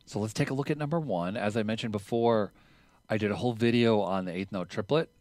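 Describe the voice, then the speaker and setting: Casual low-voiced male drum teacher. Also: fast talker. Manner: counts triplets out loud over drumming, louder while counting; casual and chatty, with fillers. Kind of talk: relaxed instructional talk.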